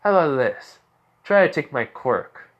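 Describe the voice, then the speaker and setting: A man voicing a quiet, coldly menacing teenage boy who speaks in low, flat threats, close to his own voice. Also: a little slow, lo-fi sound.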